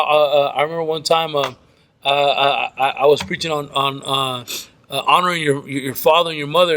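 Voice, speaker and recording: A man's voice: fairly high pitch, fairly bright tone. A man, a pastor guest on a podcast, telling stories animatedly, repeating words and often saying "man". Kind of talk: casual chat.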